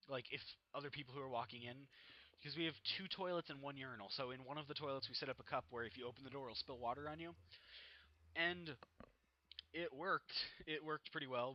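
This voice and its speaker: A man's voice: mid-range voice, dry recording, lo-fi sound. A teenage boy chatting casually over gameplay, rambling and cutting himself off as he tells stories. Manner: rambling, self-interrupting storyteller. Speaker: gaming vlogger.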